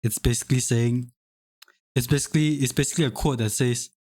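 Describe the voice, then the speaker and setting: A man's voice: mid-range voice, fairly even intonation, fast talker, a little mellow. A young man streaming live, chatting casually with lots of stammered restarts and laughter. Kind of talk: casual chat.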